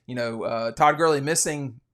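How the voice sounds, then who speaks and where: This college football podcast host has a medium-pitched, fairly bright voice and a moderate pace. He wanders through opinionated betting commentary in a casual way, often starting over mid-thought.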